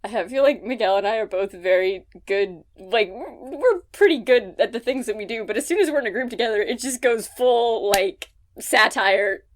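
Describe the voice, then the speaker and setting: A woman's voice: fairly high pitch, normal speed. A woman co-hosting a casual podcast chat, rambling and laughing often. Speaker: podcast co-host.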